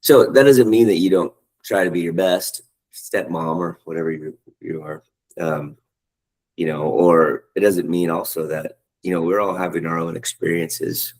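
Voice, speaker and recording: A middle-aged man leading a casual spiritual study group over a video call, talking in an animated, rambling way and searching for words. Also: low-pitched, moderate pace, breathy edge, rough recording.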